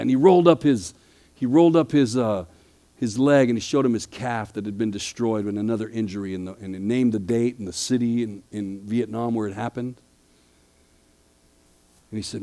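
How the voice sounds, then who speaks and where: A man who is a pastor, preaching a sermon, telling a story softly and then rising loud when he exhorts. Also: fairly low pitch, brisk.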